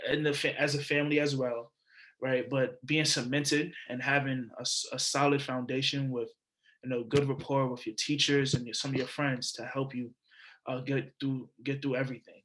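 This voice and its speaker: A man's voice: mid-range voice, level tone, moderate pace, fairly bright tone, poor audio. A young man from New York City, a student leader giving an upbeat, encouraging talk to prospective students over a video call. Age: young adult.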